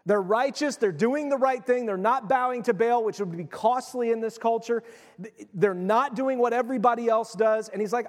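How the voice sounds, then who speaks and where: A man's voice: very high voice, moderate pace, big-room sound. A male pastor giving a sermon in a loose, conversational way, often restarting his sentences. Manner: conversational, animated preaching with frequent restarts.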